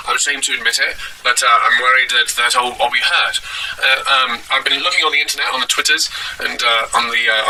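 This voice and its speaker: A man delivering a deadpan satirical monologue at home, rambling and halting with many fillers. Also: mid-range voice, far from the mic, a little hiss or hum, rough recording. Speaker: comedic vlogger in character.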